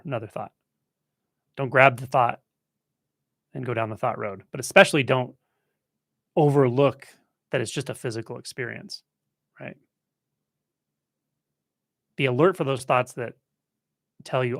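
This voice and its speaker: A man teaching in a relaxed, conversational way, thinking aloud as he answers a viewer's question on a live stream. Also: mid-range voice, moderate pace, vocal fry, long pauses, dry recording, clean studio sound. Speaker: spiritual teacher hosting a live Q&A. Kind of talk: casual spoken teaching.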